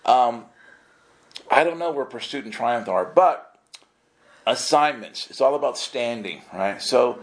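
A man tells stories to a group with lively comic timing. He acts out the voices in his stories and jumps into high, excited outbursts. His voice has a medium pitch and the room around him echoes. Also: measured pace, pauses often. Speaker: speaker telling stories to a group. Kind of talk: animated storytelling.

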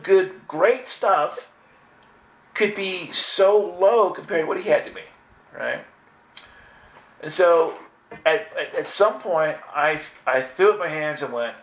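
A man giving an earnest, animated personal spiritual testimony, full of restarts. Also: a little high. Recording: echoey room.

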